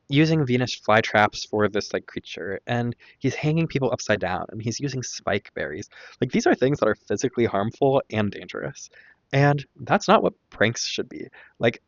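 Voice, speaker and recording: A man's voice: mid-range voice, no room sound. Man, podcast host, rambling casual commentary, opinionated, dull dry lo-fi sound. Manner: rambling, opinionated, many fillers and tangents. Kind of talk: casual stream-of-consciousness commentary.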